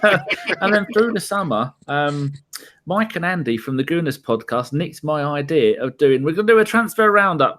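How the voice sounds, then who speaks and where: A man's voice: a little high, expressive, moderate pace, fairly bright tone. Sweary, rambling London man hosting. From England. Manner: sweary, banter-heavy, rambling. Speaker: podcast host. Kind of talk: casual podcast chat.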